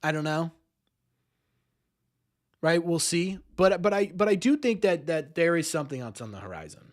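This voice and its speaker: A man's voice: on the high side, lively intonation, normal speed. A man hosting a live-streamed sports talk show, rambling, repeating words and ending many lines with "right?". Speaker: podcast host.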